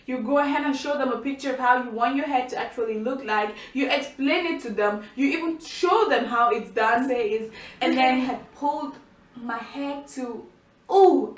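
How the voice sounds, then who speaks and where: High-voiced woman in a roomy space. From Cameroon. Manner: chatty, animated, many restarts and fillers. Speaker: vlogger. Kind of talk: casual storytelling to camera. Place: indoor room by a window. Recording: roomy, distant mic.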